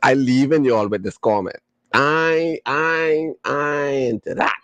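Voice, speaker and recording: Man, podcast host, casual slangy chat, excitable, mid-pitched voice, dry close sound. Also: slow, no room sound. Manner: playful, slangy and excitable, breaking into laughter. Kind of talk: casual chat reading viewer comments.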